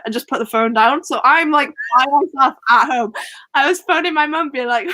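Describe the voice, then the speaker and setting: A woman's voice: a little high, a little fast, bright, forceful tone, dry recording. A young woman chatting casually on a video call, telling stories with frequent laughs. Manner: chatty, laughs often, storytelling. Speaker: book club co-host. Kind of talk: casual chat.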